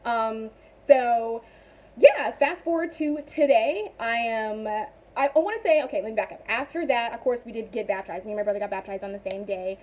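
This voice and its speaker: A young woman chatting casually in a vlog, animated and rambling with frequent asides. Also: a little high, normal speed. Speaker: vlogger.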